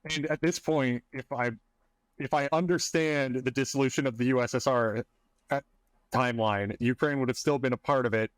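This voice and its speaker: A man co-hosting a laid-back podcast conversation. His voice sits at an ordinary middle pitch, and the recording is dry and close with no room around it. He talks through researched accounts in a plain, matter-of-fact manner. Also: steady tone, normal speed, no echo. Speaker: podcast co-host. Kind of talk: casual podcast chat.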